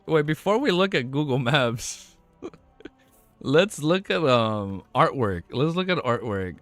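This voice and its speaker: A man's voice: mid-range voice, very animated, takes it slowly, fairly bright tone, no echo. A male streamer reads a novel aloud, trips over words and rereads them, then reacts with loose, emotional swearing. His voice sounds worn, with a dry close sound and faint music underneath. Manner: stumbles and rereads lines, emotional, swears casually. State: voice getting worn.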